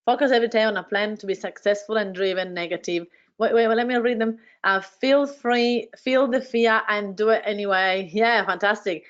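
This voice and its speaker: A woman hosting an online workshop, telling her story with energy and heaping quick praise on participants. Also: medium pitch, fairly even intonation, muffled recording. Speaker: workshop host and business coach. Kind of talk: motivational storytelling to an online audience. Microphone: video call.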